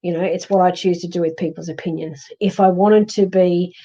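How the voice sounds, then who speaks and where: Brisk and warm, this lowish Australian voice keeps a fairly even intonation, though the recording cuts off the highs. She's a psychic medium reading viewer comments on her livestream, chatty and reassuring, with lots of ums and restarts.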